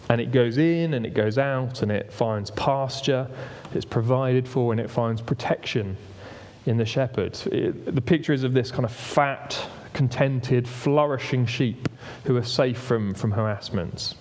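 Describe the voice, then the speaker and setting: A man's voice: mid-range voice, a little mellow. A man giving a conversational sermon in a church hall, often restarting phrases and asking for the next slide. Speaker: preacher. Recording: long reverb of a hall.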